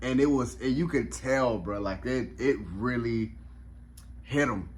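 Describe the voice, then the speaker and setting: A man's voice: medium pitch, measured pace, slight background noise. A man reviewing a comedy special in a casual vlog, reflective and openly emotional, with lots of fillers and restarts.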